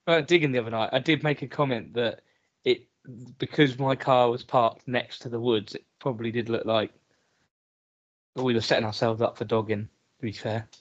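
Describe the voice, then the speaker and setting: A man co-hosting a podcast, trading quick teasing banter. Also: mid-range voice, fairly even intonation, no room sound. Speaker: podcast co-host. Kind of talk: casual podcast chat. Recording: dull lo-fi podcast audio.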